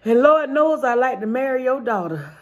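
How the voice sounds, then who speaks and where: A woman voicing an exhausted young man in a joke. He bluntly and loudly demands to know who pushed him into the water. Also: high voice, expressive, normal speed, muffled recording. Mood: defiant. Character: exhausted young male swimmer, blunt and defiant.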